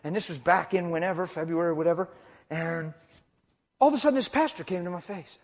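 High-voiced preacher man, animated and swinging. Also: brisk. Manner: storytelling, animated, swings between hushed asides and loud emphasis. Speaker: traveling preacher. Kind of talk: sermon.

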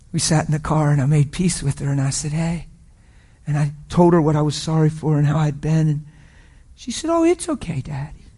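A middle-aged man preaching, telling a personal story with emotional swings from loud declarations to hushed whispers. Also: a little high, level tone, normal speed. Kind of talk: sermon testimony.

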